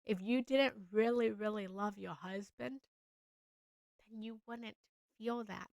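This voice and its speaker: A young adult woman, a spiritual coach, speaking earnestly in a live coaching session, repeating gentle affirmations. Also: medium pitch, steady tone, slow pace, vocal fry, no room sound.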